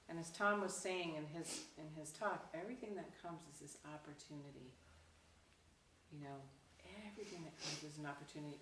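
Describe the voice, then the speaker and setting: A woman Zen teacher tells a teaching story in a casual, animated way, slipping into quoted voices. Her voice sits a little low and comes from away from the mic in a roomy hall, with faint background noise. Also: recorded from a distance. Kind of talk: dharma talk storytelling.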